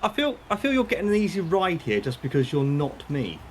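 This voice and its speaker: A man's voice: on the high side, huge pitch swings, brisk, a little hiss or hum. Dry, teasing male co-commentator. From Britain. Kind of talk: casual match commentary.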